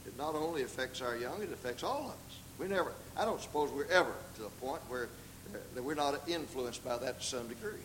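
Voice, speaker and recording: A man's voice: expressive, fairly quick, fairly bright tone, a little hiss or hum, low-quality recording. An older man with a Southern US accent preaching a sermon in a dramatic way, acting out the voices he quotes. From American South. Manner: dramatic, acts out quoted voices with big pitch leaps.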